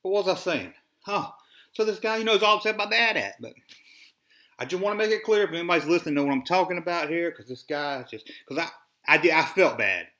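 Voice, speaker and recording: A man's voice: fairly high pitch, expressive, quick pace, sharp tone. A man from the Southern US with a Southern accent, rambling and ranting on a solo podcast, often sighing. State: dry mouth. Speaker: toy collector podcast host.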